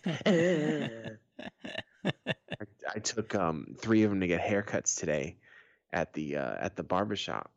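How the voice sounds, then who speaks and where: A man's voice: low-pitched, dry recording, lo-fi sound. A middle-aged man on a podcast, telling family stories in casual chat, swearing often and laughing as he goes. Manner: profane, laughing storyteller. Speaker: podcast co-host.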